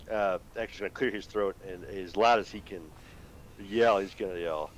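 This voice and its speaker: A man with a low voice joins the chat at a tabletop game. He talks casually and jokes easily with the others at the table. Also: normal speed, slight background noise.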